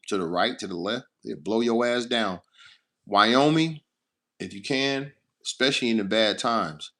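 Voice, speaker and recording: A man's voice: fairly low pitch, a bit bright. Blunt, foul-mouthed trucker man. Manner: blunt, heavily profane storytelling. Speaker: truck driver. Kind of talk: casual straight-to-camera talk.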